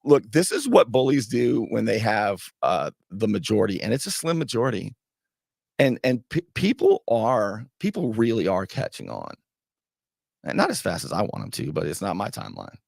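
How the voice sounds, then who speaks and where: Gravelly, sarcastic male show host. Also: on the low side, normal speed, no echo, studio quality. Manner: sarcastic, mocking, animated. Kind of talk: commentary over a played clip.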